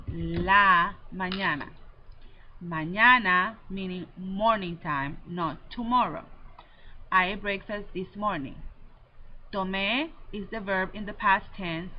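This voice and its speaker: A woman Spanish teacher giving a recorded lesson, slowly and deliberately drilling verb endings. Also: mid-range voice. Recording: slightly dull lo-fi audio with faint noise.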